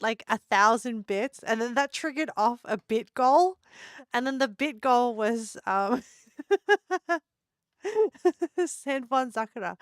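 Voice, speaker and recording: Woman streamer, giggly teaser, slightly high voice, dry close sound. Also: fairly bright tone, smooth, no room sound. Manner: giggly, playful teasing of chat. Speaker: live streamer. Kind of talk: casual live-stream chat.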